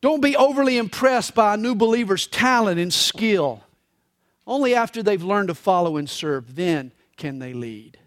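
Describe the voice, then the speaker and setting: Male pastor preaching a live sermon, high voice with a wide, lively swing, dry close sound. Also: normal speed, no echo. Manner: expressive storytelling preacher. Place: church service.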